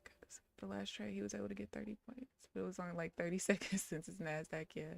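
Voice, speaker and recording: Frustrated woman, gravelly, swearing. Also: medium pitch, steady tone, fast talker, no echo, faint music behind. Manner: blunt, swears when frustrated. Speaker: day trader live streaming. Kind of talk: casual live stream talk to viewers.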